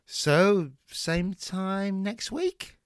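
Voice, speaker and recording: A man's voice: high voice, lively intonation, very slow, smooth, dry recording, clean studio sound, pitched above the performer's own voice, exaggerated voice. A man playing a timid, apologetic middle-aged mother who stammers in a comedy sketch. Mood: flustered.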